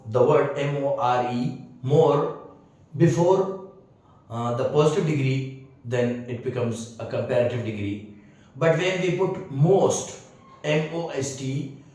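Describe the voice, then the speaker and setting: A man's voice: mid-range voice, a little mellow. Echoey, distant male grammar teacher. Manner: repeats phrases, spells letters out, checks "understood?"; hesitant, many fillers. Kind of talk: spoken grammar lesson. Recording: very echoey room, distant mic.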